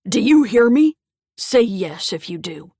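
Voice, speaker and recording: A woman voicing a gruff, bullying older grandfather with a violent temper, barking commands in a dry, close recording. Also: a little high, very animated, a little slow, dark tone, dry recording, heavily acted. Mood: threatening.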